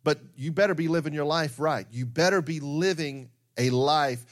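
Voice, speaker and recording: A man's voice: a little high, normal speed. A man preaching a sermon, earnest and emphatic, reading scripture and acting out the excuses of sinners.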